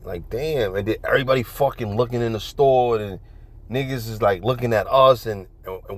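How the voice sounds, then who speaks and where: Brief: New guy ranting casually, mid pitch, profane, repetitive storytelling. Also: fairly quick, a little mellow. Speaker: vlogger. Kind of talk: casual rambling monologue.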